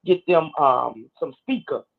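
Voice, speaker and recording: A woman's voice: low voice, animated, measured pace, vocal fry, breathy edge. A woman calling in to a radio show, speaking earnestly with preacherly phrasing, heard through a phone line. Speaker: caller. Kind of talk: call-in radio commentary.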